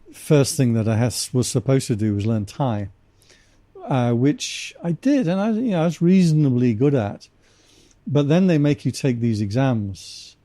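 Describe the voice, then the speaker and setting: Monk guest from England, man, wry anecdotal talker, mellow and dry. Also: medium pitch, no echo. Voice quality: dry humor, animated anecdotes with laughs. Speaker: podcast guest, ordained monk. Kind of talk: casual storytelling conversation.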